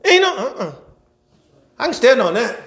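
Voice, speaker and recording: A man with an unusually high voice preaching a sermon. He stretches out scripture lines, keeps checking in with the congregation, and slips into chuckling conversational asides between fervent stretches. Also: big pitch swings, a bit bright. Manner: fervent, calls out to the congregation, drawn-out scripture reading.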